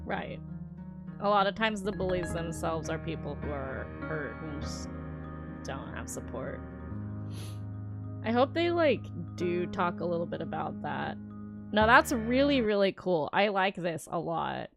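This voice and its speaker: A woman's voice: fairly low pitch, very animated, a little slow, vocal fry, music in the background. A young adult woman streamer gives a casual, enthusiastic reaction to a games showcase and muses aloud as she goes.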